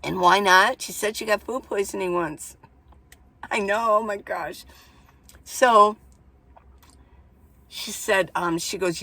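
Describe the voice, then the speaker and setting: A woman's voice: mid-range voice, a little slow, creaky, pauses often, a bit bright. A woman vlogging from inside her minivan, chatting casually and rambling through stories. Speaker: van-life vlogger. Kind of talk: casual chat to camera.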